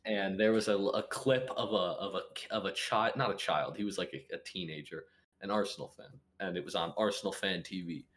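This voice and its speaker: A young man co-hosting a casual sports podcast, telling stories in an animated way and acting out quotes. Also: low voice, fairly quick. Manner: animated storyteller, acts out quoted texts in raised voice. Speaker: podcast co-host. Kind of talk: casual chat.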